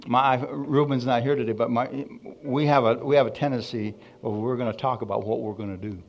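Man preaching an animated sermon. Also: mid-range voice, fairly quick, dull audio, soft background music. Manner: call-and-response preaching with frequent asides; animated, swings between loud emphasis and soft asides. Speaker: pastor.

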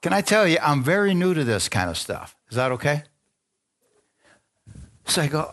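Man preaching a lively testimony. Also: on the high side, moderate pace. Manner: storytelling, acts out dialogue, asks the crowd for amens. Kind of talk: sermon testimony.

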